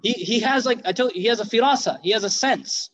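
Casting note: man, higher than most, quick storytelling teacher who acts out the dialogue. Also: lo-fi sound. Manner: animated, acts out quotes in the story. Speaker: religious teacher. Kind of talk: storytelling lesson.

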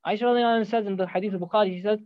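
A man preaching a sermon, animated and emphatic, telling a dramatic story. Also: sits high, very fast, dry recording, highs cut off.

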